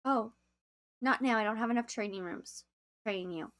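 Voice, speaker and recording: A young woman chatting casually to viewers as she plays a game on a live stream, easily excited. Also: fairly high pitch, normal speed.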